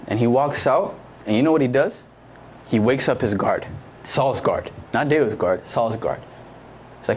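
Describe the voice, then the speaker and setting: A man's voice: medium pitch, a little slow, long pauses, darkish tone, slight background noise. A young man preaching a casual sermon to a youth group, slangy and conversational, often quizzing his listeners with questions. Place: church service.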